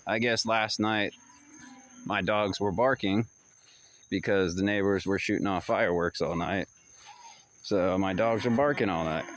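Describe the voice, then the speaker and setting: Guy with a lowish voice rambling through a story, repeats himself a lot, dogs barking faintly behind. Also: a little slow, pauses often, slight background noise. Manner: rambling and repetitive, loose slangy talk. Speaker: vlogger. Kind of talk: casual storytelling to camera. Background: dogs barking and distant fireworks.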